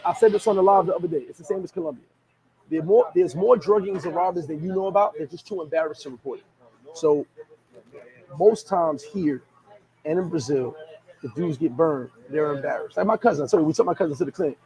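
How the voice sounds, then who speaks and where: A man, chatting casually as a vlogger, reading viewer comments and telling stories in an animated, laughing, slangy way. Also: fairly high pitch, fairly quick, poor audio. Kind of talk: casual chat.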